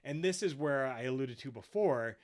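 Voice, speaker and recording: A man's voice: medium pitch, animated, moderate pace. A man hosting a podcast, retelling episodes casually with lots of swearing and quoted voices. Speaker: podcast host. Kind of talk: casual chat.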